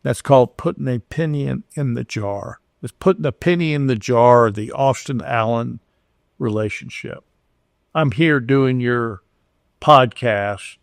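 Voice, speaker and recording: As a podcast guest, an older Houstonian recounts stories earnestly, restarting often and performing characters' lines. His medium-pitched voice has vocal fry and a measured pace, in studio-quality audio with no echo.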